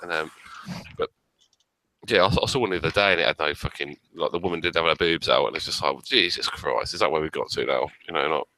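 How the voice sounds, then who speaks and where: Brief: male guest, quick and animated, a bright voice, rambling and swearing. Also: extremely low pitch, low-quality recording. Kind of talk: casual chat.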